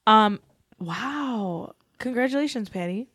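A woman's voice: on the high side, animated, slow pace, fairly bright tone, breathy edge, no room sound, studio quality. A young woman who sings, co-hosting a podcast in casual chat, talking in a chatty way and earnestly giving advice on vocal health. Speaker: podcast co-host, singer. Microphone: podcast microphone.

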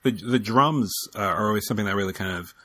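A man's voice: fairly low pitch, fast, pushed and bright. A man co-hosting a casual music podcast, musing in a rambling, hesitant way. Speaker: podcast co-host.

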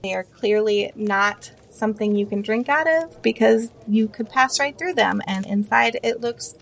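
A woman's voice: a little high, a little slow, creaky. A woman narrating as game master of a tabletop game, laughing often as she voices tavern folk.

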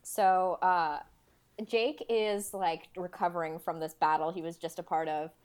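A woman with a fairly low voice co-hosts a casual book podcast. She recaps the plot in halting bursts, filling the gaps with ums and likes. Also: steady tone, a little mellow, clean tone. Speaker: podcast co-host.

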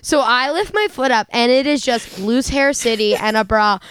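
A young woman with a high, smooth and resonant voice, co-hosting a podcast and spinning stories in a lively, casual way, swearing and laughing as she goes. The sound is dry and close, with no room to it. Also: normal speed, dry recording. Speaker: podcast co-host. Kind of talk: casual chat.

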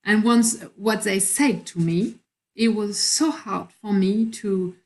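Halting middle-aged woman recounting her illness. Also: mid-range voice, steady tone. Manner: halting, searching for words. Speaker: interview guest. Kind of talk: personal account in conversation.

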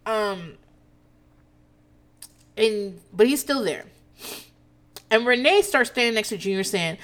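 A woman casually recapping a reality TV episode, animated and profane, laughing often as she talks. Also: mid-range voice, unhurried, long pauses. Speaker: TV recap host.

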